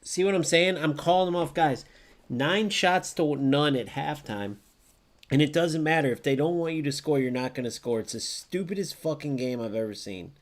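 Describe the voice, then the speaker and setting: Excitable young man streaming football game. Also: fairly high pitch, normal speed. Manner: excitable, swears often, reacts loudly to plays; chats with live viewers by name. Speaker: gaming streamer. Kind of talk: live gameplay commentary.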